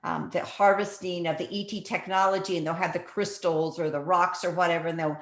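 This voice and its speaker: A woman's voice: lowish voice, steady tone, fairly quick. Earnest woman telling stories, roomy call audio. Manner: earnest, storytelling, many restarts. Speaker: guest speaker. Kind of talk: casual talk on a video call.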